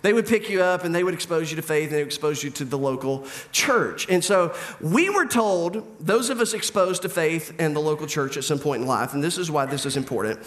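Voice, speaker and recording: A man's voice: fairly high pitch, expressive, a little fast, few pauses. A middle-aged man preaching a sermon in a conversational, humorous way. He acts out back-and-forth dialogue as he talks. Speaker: pastor.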